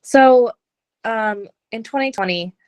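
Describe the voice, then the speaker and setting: A young woman, a wrestler, answering interview questions in a relaxed way, full of "um" and "like". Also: on the high side, slow, clean tone, no echo. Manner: relaxed, many "um" and "like". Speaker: wrestler, guest.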